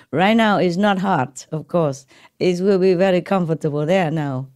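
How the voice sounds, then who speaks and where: A woman spiritual teacher talks informally to her disciples in a low, warm, mellow voice. She rambles, laughs often and keeps checking in with her listeners. Her English is slightly non-native, and she switches easily into Chinese. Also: measured pace. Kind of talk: informal talk to a gathered audience.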